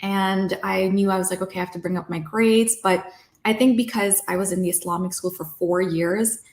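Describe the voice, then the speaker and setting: A woman's voice: medium pitch, normal speed, echoey room. Young Canadian woman telling her story. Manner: lively, quotes herself and her parents in animated voices. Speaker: guest. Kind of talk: personal storytelling.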